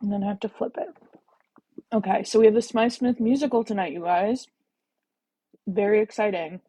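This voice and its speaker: A woman's voice: medium pitch, moderate pace, long pauses, mellow, breathy edge, no room sound, low-quality recording. A woman hosting a book-reading livestream, chatting casually and bubbly with viewers, full of jokey asides. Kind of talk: casual live chat with viewers.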